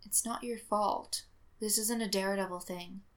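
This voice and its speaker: A woman's voice: medium pitch, steady tone, normal speed, close to an everyday voice. A woman reading a story, voicing an injured young man who mumbles weak wisecracks. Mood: wry.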